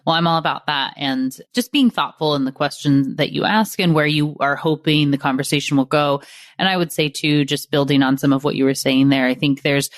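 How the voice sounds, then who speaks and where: A podcast host talking in a relaxed way, sharing references and building on the guest's points. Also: mid-range voice, no room sound, studio quality. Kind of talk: casual interview chat.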